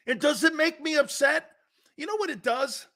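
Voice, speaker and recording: A middle-aged man hosting a sports talk show, ranting loudly and mocking rivals. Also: very high-pitched, lively intonation, moderate pace. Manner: loud, mocking, puts on voices and laughs often. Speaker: sports radio host. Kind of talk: animated sports talk rant.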